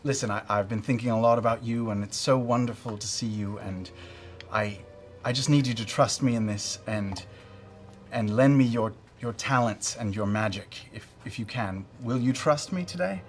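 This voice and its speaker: Middle-aged gnome dad, earnest, stammering, pleading, mid-pitched, played by a man, soft music behind. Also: normal speed, close to an everyday voice. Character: anxious middle-aged gnome father, a bard. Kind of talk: tabletop role-play.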